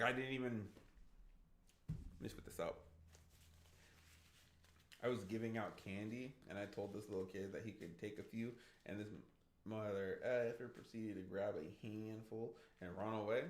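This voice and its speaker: Rambling storyteller dad, echoey room. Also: male voice, fairly low pitch, normal speed, pauses often, a little hiss or hum. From Idaho, USA. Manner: rambling storytelling with restarts and laughs. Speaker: gaming streamer. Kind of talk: casual livestream chat.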